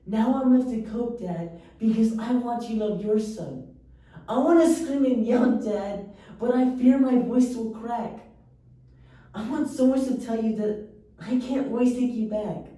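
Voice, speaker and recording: A woman giving an earnest, emotional poetry recitation with slow pauses. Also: a little high, dark tone. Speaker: poetry reader. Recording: echoey room, voice far from mic.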